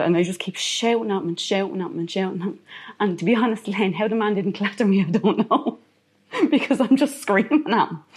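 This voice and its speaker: A woman's voice: medium pitch, breathy edge. A woman with an Irish accent, a guest telling a personal story in an interview, repeating phrases for emphasis.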